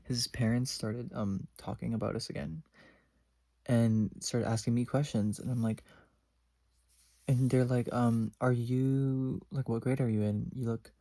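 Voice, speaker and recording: A man's voice: mid-range voice, steady tone, measured pace, gravelly, dark tone, no room sound. A teenage boy telling a story in a casual, exasperated vlog rant, sometimes dropping to a whisper. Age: teens. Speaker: vlogger.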